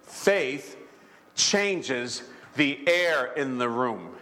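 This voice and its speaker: A man preaching a sermon in a church, animated, acting out characters and calling for amens. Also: medium pitch, very slow. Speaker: pastor.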